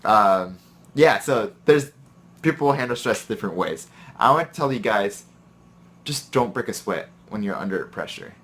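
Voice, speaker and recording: A man who is a chef and hosts his own vlog, telling rambling stories about work and then giving relaxed advice. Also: fairly low pitch, moderate pace. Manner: chatty, rambling, gives pep-talk advice. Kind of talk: casual storytelling and advice vlog.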